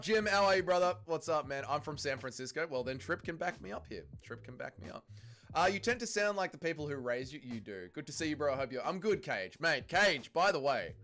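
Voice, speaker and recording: A man from Melbourne with an Australian accent, hosting a casual livestream and joking through viewer comments. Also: a little high. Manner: joking, crude, lively banter with chat. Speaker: livestream host.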